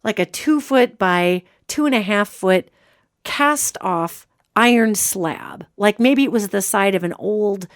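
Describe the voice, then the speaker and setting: A woman hosting a podcast as a medium, an animated storyteller who acts out quotes in casual chat. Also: mid-range voice, takes it slowly. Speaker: host and medium.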